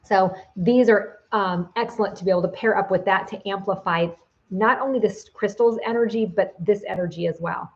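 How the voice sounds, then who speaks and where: A woman's voice: medium pitch, normal speed, lo-fi sound. A woman giving a casual video lesson as a psychic teacher, chatty, with many fillers and restarts.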